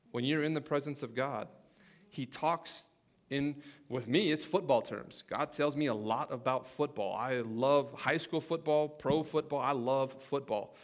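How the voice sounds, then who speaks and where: Middle-aged guy preaching, folksy and jokey, normal pitch. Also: fairly bright tone. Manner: folksy, joking, with football stories. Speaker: pastor. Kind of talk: sermon.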